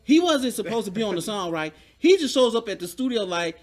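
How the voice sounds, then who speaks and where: A man's voice: extremely high pitch, very animated, brisk, fairly bright tone. A man in casual chat, telling a story with animation and acting out the quotes, recorded in a media studio.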